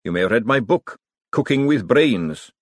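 A man's voice: mid-range voice, lively intonation, moderate pace, no echo, clean studio sound, natural voice. A man voicing a nervous, hapless male chef who talks apologetically and miserably.

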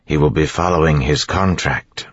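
A man with a husky voice voicing a formal, obedient shapeshifter in the form of a wolfhound, speaking in a muffled way. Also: extremely low pitch, moderate pace, dry recording. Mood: stiffly formal.

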